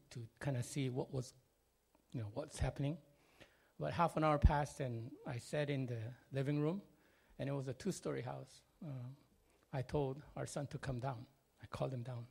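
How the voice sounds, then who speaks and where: A man from Korea speaking English, telling a personal family story. He talks expressively, jumping between loud and quiet, with many fillers. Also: on the high side, creaky, slightly rough.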